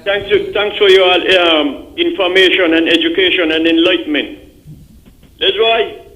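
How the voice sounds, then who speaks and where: A man's voice: high voice, unhurried, sharp tone. An older man with a Kittitian accent calls into a radio show, rambling and repeating words as he comments. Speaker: radio caller. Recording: muffled phone-line audio.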